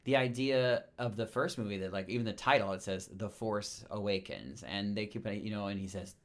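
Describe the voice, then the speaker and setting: A man co-hosting a podcast, talking in an animated, chatty way and laughing easily. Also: fairly low pitch, a little fast. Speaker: podcast co-host. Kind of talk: casual fan discussion.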